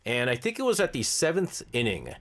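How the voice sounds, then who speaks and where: A man's voice: mid-range voice, huge pitch swings, a little fast, a bit bright. A man hosting a radio talk show, chatting casually and explaining at length with frequent "I think" and "uh" hedges.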